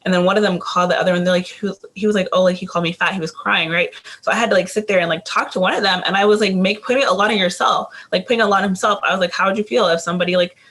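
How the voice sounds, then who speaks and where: A man who works as a teacher, giving casual advice on a panel, talking rapidly with many fillers and restarts. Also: high-pitched, fairly even intonation, bright, forceful tone.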